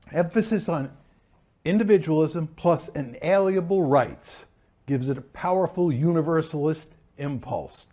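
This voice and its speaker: A man's voice: fairly high pitch, a little mellow. An older man from the United States giving an academic lecture, emphatic and shifting his pace for stress. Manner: emphatic, speeds up and slows down for stress.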